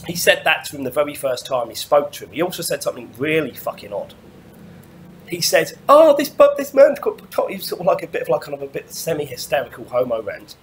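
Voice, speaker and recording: A man's voice: mid-range voice, animated, quick pace, slight background noise. A man delivering a rambling monologue rant, stumbling over restarts and swearing often. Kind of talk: ranting monologue.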